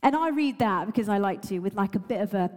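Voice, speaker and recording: A woman's voice: mid-range voice, lively intonation, quick pace, darkish tone, big-room sound. A woman preacher giving a sermon, earnest and emotional, laughing now and then and using many fillers.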